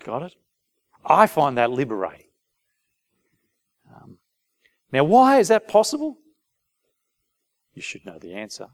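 A man's voice: a little high, a little slow, pauses often. A man preaching a sermon, asking his listeners questions and briefly acting out little dialogues. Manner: animated, asks the audience rhetorical questions, acts out short dialogues.

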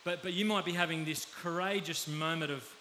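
A man with an Australian accent preaching a conversational sermon, often pausing to check in with his listeners. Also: on the high side, fairly even intonation, pushed and bright. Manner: conversational, pauses to ask the audience. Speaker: pastor. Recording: faint background hiss.

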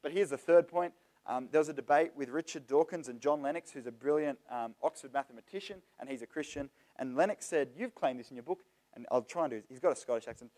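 A young man giving a lively, joking talk to a youth audience, addressing the crowd directly. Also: on the high side, fast. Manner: chatty and joking, talks straight to the audience. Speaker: youth seminar speaker.

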